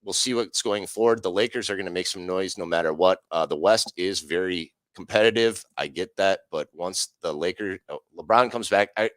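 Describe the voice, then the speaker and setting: Male sports radio co-host, lowish voice, dry close mic, swears a lot, rambles. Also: moderate pace, few pauses, no echo. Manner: profane, rambling, self-correcting. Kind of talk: casual sports talk show banter.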